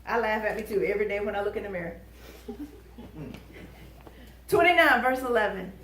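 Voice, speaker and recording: A woman preaching a lively sermon, emphatic and folksy, joking and dropping into quiet asides. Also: medium pitch, brisk, slight background noise. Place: church sanctuary. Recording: echoey church from far off.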